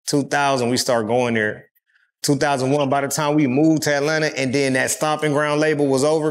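A middle-aged man from California, a rapper telling stories in a casual interview with loose, profane street talk and frequent fillers. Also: mid-range voice.

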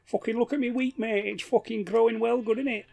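A man's voice: fairly even intonation, a little fast, vocal fry, darkish tone, no room sound, exaggerated voice. A man putting on a cheeky Scouse accent as a cocky young lad, with swearing. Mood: boastful. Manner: high cheeky put-on voice, swearing.

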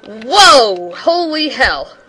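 A young woman commenting on her own gameplay, excitable, yelping and laughing at the game. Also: fairly high pitch, drawn-out words, noisy background. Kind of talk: let's play commentary.

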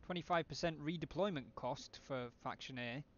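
A man's voice: fairly high pitch, moderate pace, a bit bright, highs cut off, slight background noise. A man thinking aloud with wry asides as he streams a strategy game live.

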